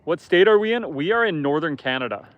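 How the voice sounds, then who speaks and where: Chatty, clear-voiced man on a lake. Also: on the high side, expressive, fast, no echo, highs cut off. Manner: chatty, self-deprecating, joking. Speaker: live-stream host. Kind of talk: casual live-stream chat, reading viewer comments. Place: outdoors on a lake, in a boat.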